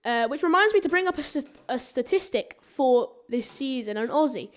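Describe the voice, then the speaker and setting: A woman's voice: high voice, animated, moderate pace. A woman commentating a live sim racing qualifying session in a chatty, rambling way, often stumbling and correcting herself. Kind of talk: live esports race commentary.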